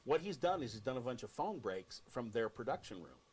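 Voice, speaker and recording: A man with an American accent, a radio host telling an animated story on air and acting out quoted lines. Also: mid-range voice, fairly quick, slightly rough.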